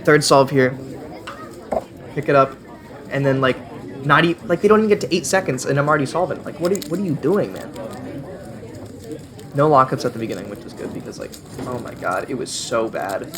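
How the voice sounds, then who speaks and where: A man's voice: mid-range voice, expressive, a little fast, pauses often, a crowd in the background. Chatty self-deprecating young man. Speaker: vlogger. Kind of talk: casual voice-over commentary.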